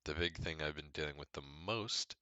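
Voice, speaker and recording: A young man hosts his own podcast from his apartment. His voice sits extremely low but has a bright, forceful edge. He rambles in a candid, self-deprecating way, full of fillers, and the sound is dry and close. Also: fairly quick, dry recording, highs cut off. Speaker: podcast host. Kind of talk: casual solo podcast chat.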